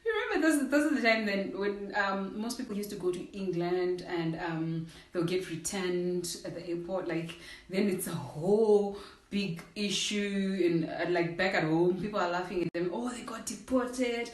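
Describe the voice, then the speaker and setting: A woman's voice: on the low side, normal speed, distant mic. A young woman from Zimbabwe telling a casual storytime to her viewers, acting out the voices in it and calling them "guys" again and again. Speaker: vlogger. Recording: roomy echo.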